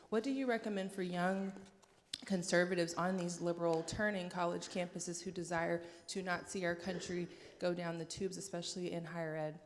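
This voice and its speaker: A young woman in her twenties with a somewhat low voice asks a polite, formal question from the audience. A long hall reverb and a faint background noise sit behind her. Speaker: graduate student council president asking a question.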